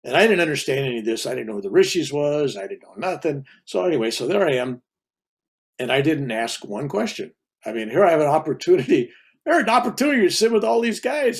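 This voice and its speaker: Older man, reverend, conversational storytelling, rambling, raspy fry. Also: on the high side, very animated, fast talker. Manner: rambling, casual, with restarts and asides. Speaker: reverend and spiritual speaker.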